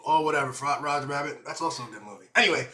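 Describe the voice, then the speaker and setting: A man performing an improvised comedy sketch, teasing, with sudden shouts. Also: fairly high pitch, rapid-fire. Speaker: improv comedian, show host.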